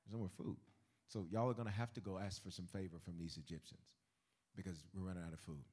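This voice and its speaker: A male preacher giving a lively, colloquial sermon, often shouting and laughing as he builds to his points. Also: low-pitched, quick pace, breathy edge.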